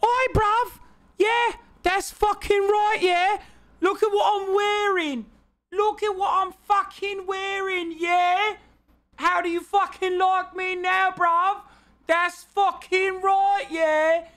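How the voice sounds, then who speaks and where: A man putting on a loud, swearing young British lad caricature with a mock British accent. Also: very high-pitched, little pitch movement, takes it slowly, pitched above the performer's own voice, full character voice. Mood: boisterous. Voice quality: swearing, boisterous, shouty.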